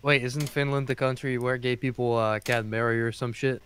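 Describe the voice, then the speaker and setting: A man's voice: medium pitch, steady tone, normal speed, loud music behind the voice. A young man teasing and goofing around with friends in casual gaming voice chat over a headset. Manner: goofy, teasing. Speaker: gamer.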